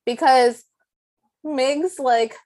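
A woman co-hosting a podcast, chatting about a film in a giggly, expressive way with plenty of "like". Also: sits high, extremely slow. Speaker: podcast co-host. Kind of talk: casual film-discussion chat.

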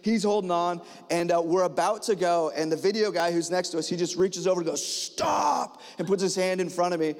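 A man preaching a sermon, telling a personal story in a lively, animated way and acting out the dialogue with lots of fillers. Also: high voice, quick pace, hardly any pauses. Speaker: pastor. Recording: hall reverb.

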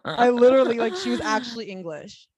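A woman's voice: a little high, fast talker, a little mellow, no echo. A young woman co-hosting a casual chat podcast, telling stories in a chatty way and laughing as she talks. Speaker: podcast co-host.

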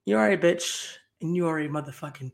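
A young woman hosting a podcast tells a story as a heated, profane rant, repeating herself. Her voice sits low and gravelly, and she talks a little fast.

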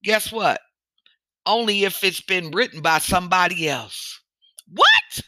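A woman hosting a motivational podcast as a coach, talking in a sassy, animated, preachy way and calling out to the listener. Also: fairly low pitch, a little slow, no echo.

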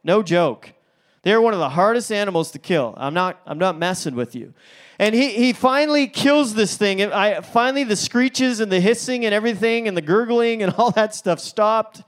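A man's voice: high-pitched, moderate pace. A male pastor preaching a sermon, telling a story in a chatty way with fillers and restarts.

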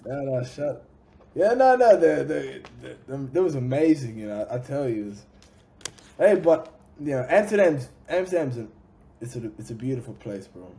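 A man's voice: mid-range voice, normal speed, gravelly. A man with an Australian accent, a rapper chatting casually as a podcast guest and acting out his stories with lots of energy. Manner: animated storyteller, acts out what people said.

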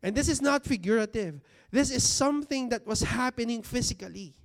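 A man with a very high, animated voice delivers a sermon in a church hall where the congregation sits listening. Speaking in a conversational way, he asks rhetorical questions and draws out key words slowly for emphasis.

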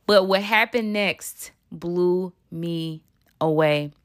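A woman hosting a podcast, telling a story to her listeners in an animated, chatty way and calling them sis and child. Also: on the high side, no room sound, clean studio sound. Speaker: podcast host.

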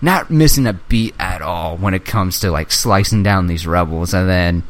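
A young man chatting excitedly as a podcast co-host, swearing freely and acting out movie lines as he retells scenes. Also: sits low, normal speed. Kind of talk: casual chat.

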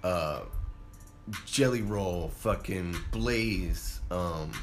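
A man from Colorado hosts a solo podcast in an unhurried, rambling way, dropping curses as he goes. His voice sits fairly low, and he talks at a very slow, drawn-out pace. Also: soft background music. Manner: laid-back, rambling and heavily profane. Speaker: podcast host. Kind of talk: casual solo podcast chat.

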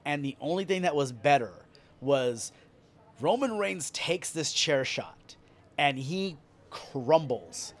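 Male podcast host, slightly high voice, animated and swearing freely. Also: slow. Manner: excited, profane storytelling. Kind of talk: casual wrestling recap.

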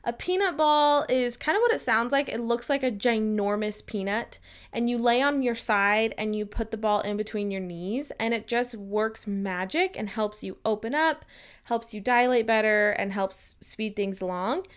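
A woman in her twenties tells a personal story to camera in a casual vlog. She is chatty and upbeat and slips into animated quotes. Her voice is smooth, clear, and a touch high. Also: moderate pace. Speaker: vlogger.

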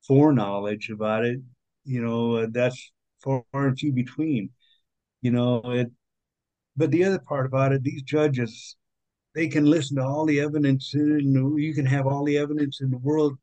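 A man talks in an earnest, indignant way, pausing often on fillers as he makes his case. His voice sits at an ordinary pitch. The recording is dry and a bit dull, with no room sound. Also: dark tone, no echo. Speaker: podcast guest, author and activist. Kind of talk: conversational interview.

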